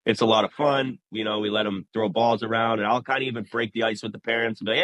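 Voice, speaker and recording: Interview guest: a New England barber, lively storyteller, bright tense tone, dry close sound. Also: male voice, lowish voice, fast, few pauses, no echo, rough recording. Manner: animated storyteller, acts out quoted dialogue. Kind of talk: casual interview talk.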